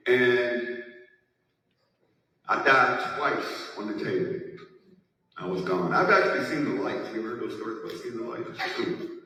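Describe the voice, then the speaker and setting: A man's voice: medium pitch, pushed and bright. A man giving an emphatic personal testimonial to an audience as a network marketing speaker, his story building in emotion. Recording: echoey hall, voice from far off.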